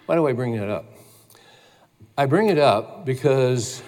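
A man preaching a sermon as pastor, telling a story in a casual, animated way. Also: mid-range voice, a little slow, in a large hall. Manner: storytelling, animated when quoting others.

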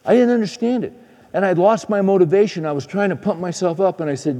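A middle-aged man preaching a storytelling sermon, swinging from excited to hushed. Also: fairly high pitch, racing. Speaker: preacher and men's conference speaker. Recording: echoey hall reverb.

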